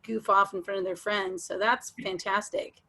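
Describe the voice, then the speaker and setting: A woman on a panel commenting in a quick, upbeat conversational way. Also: mid-range voice, flat delivery, sharp tone. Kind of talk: casual discussion.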